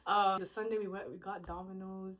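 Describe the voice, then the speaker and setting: A woman's voice: mid-range voice, steady tone, brisk, fairly bright tone, low-quality recording. A young woman hosting a casual storytime chat with her cousins, talking freely and acting out quotes. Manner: chatty, laughing often, acts out quotes. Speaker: host.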